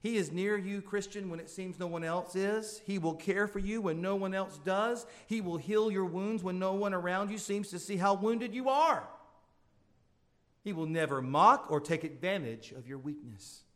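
A man preaching a sermon as pastor, swelling into emphatic appeals and dropping into soft, intimate asides. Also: sits high, moderate pace.

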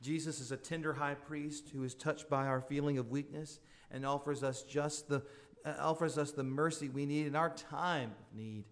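Pastor preaching to his congregation: a man with a fairly high voice, earnest, rising emphasis, soft confiding asides. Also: steady tone, moderate pace. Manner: drops to soft intimate asides. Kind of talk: sermon.

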